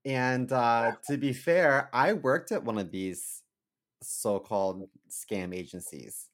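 A man co-hosting a comedy podcast in casual chat, throwing out quick wordplay jokes. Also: mid-range voice. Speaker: podcast co-host.

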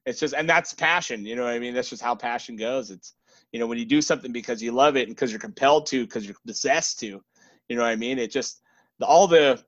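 Rambling podcast host, dull lo-fi sound. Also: male voice, mid-range voice, fast talker. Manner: rambling, keeps saying "you know what I mean". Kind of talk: casual chat.

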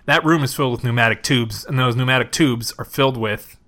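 A man co-hosting a comedy podcast, riffing in improvised banter, playful and quick to laugh. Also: medium pitch, bright, forceful tone. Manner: playful, quick to laugh, goes along with absurd bits. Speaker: podcast co-host.

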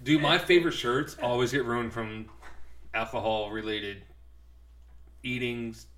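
A man's voice: mid-range voice, fairly even intonation, a little slow, crowd noise. A young man co-hosting a podcast, teasing his friend in laid-back chat. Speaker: podcast co-host. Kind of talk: casual chat.

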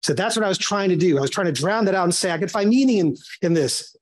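A man's voice: expressive, fast. A man teaching a small Bible study group in a conversational way, acting out the voices he quotes. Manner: conversational, acts out quoted voices with big pitch jumps.

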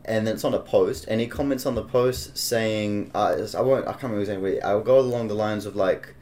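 A young man hosting a casual podcast, teasing and laughing, with halting restarts. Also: lowish voice, fairly even intonation, a little mellow. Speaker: podcast host.

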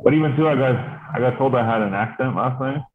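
A man's voice: mid-range voice, fast. A man chatting casually, telling rambling stories full of fillers and swearing. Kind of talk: casual chat. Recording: tinny phone-like line.

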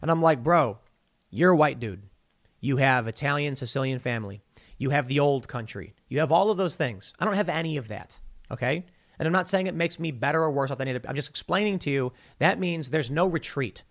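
A male podcast host giving a heated monologue, animated and stammering often as he restarts his sentences. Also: a little high, fairly quick. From United States.

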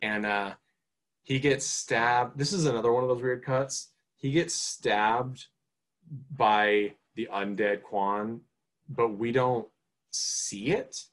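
A man co-hosting a podcast, reviewing a film in casual chat, rambling with many fillers and restarts and getting animated. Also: medium pitch, slow pace. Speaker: podcast co-host.

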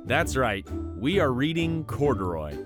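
A man's voice: mid-range voice, big pitch swings, measured pace, over music. A man hosting a show and reading a bedtime picture book aloud, telling the story with voices. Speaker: host and story reader.

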